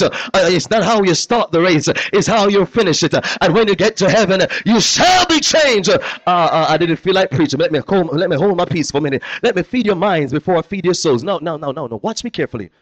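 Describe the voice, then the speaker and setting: High-voiced preacher, call-and-response. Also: male voice. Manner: call-and-response preaching, repetitive, frequent "uh" fillers; swings between hushed low asides and loud high exclamations. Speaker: pastor. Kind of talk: sermon.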